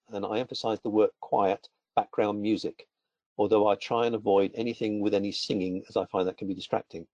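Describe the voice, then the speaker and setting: A middle-aged man presenting a webinar in a measured, methodical way. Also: lowish voice, mellow, no echo. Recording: dull, lo-fi sound.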